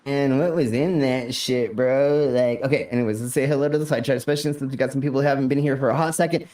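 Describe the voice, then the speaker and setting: A man's voice: mid-range voice, steady tone, rapid-fire, a little mellow. A man hosting a casual live stream, laid-back and often laughing, with plenty of stammered restarts. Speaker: stream host. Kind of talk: casual chat.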